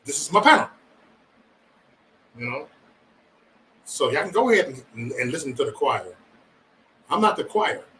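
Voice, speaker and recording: A man's voice: fairly high pitch, moderate pace, pauses often, recorded from a distance, a little hiss or hum, rough recording. A man hosting a casual livestream, chatting loosely and profanely with his viewers. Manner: loose, profane, animated banter with chat. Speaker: livestream host.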